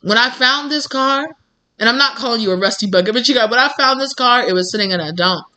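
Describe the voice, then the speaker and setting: Quick-paced and sharp in tone, this woman's higher voice carries a laid-back tarot reading addressed directly to viewers. She's encouraging and reassuring, addresses the listener as "babes," and leans heavily on fillers.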